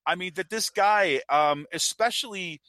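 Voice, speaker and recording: A man's voice: high-pitched, measured pace, pushed and bright, no room sound. A man hosting a casual political chat, rambling and laughing as he talks. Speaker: podcast host.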